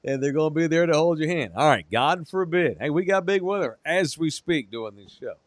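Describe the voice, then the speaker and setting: A man's voice: on the high side, lively intonation, brisk, dry recording. A man co-hosting a sports radio show, bantering crudely and reading ads and live chat. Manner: brash, joking, reads ads and live chat. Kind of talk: casual sports talk.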